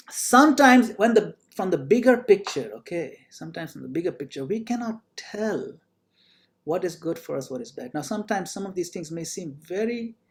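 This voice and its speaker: A man teaching in an online class, telling a story in a conversational way with fillers. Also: high-pitched. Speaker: spiritual teacher.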